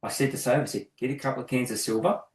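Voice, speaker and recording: A man's voice: mid-range voice, racing. A middle-aged Australian man telling anecdotes in casual chat, acting out both sides of each story. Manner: animated, acts out both sides of his anecdotes. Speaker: guest graffiti artist. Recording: echoey room.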